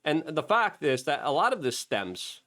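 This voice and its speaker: A man's voice: sing-song, moderate pace, sharp tone. A man hosting a political commentary show, sarcastic and mocking as he reads out comments. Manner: sarcastic, mocking, mimics others in high squeaky voices. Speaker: host.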